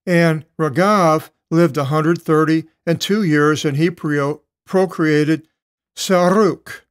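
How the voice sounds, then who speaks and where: Slow, halting older man reading scripture. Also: a little high, fairly even intonation, clear, resonant tone, no echo, clean studio sound. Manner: slow, halting reading with many pauses and self-corrections. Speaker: Bible translator teaching Greek text. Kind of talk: verse-by-verse Bible study commentary.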